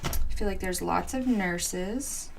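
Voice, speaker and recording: A woman in her forties chats unhurriedly as she crafts on a livestream. She giggles often and answers viewers' comments. Her speech is slow and easygoing. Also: mid-range voice, gravelly, slight background noise. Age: 40s. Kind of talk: casual chat while crafting.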